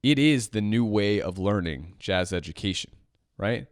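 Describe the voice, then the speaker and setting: A man's voice: fairly low pitch, animated, moderate pace, dry recording, clean studio sound. A man hosting a podcast, talking about teaching jazz piano in an emphatic, impassioned monologue that circles back and repeats itself. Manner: passionate, emphatic, ranting with repetitions.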